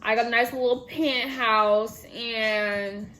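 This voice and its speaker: A woman's voice: on the high side, takes it slowly, faint music behind. A young woman in her twenties from the Bay Area, chatting casually and animatedly while answering viewer questions in a vlog. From San Francisco Bay Area. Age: 20s. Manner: chatty, animated, laughs and trails off. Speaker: vlogger.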